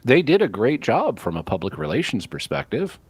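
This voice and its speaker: A man on a call-in radio show, explaining things in a measured, lecturing way and careful about exact terms. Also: mid-range voice, huge pitch swings, slightly rough, no room sound. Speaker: apologist guest answering callers.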